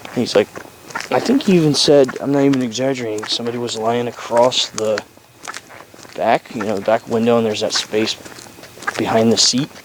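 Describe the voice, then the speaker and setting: A man's voice: mid-range voice, fairly even intonation, normal speed, background noise. A man in his thirties talking in a sarcastic, profane, ranting way in a casual vlog.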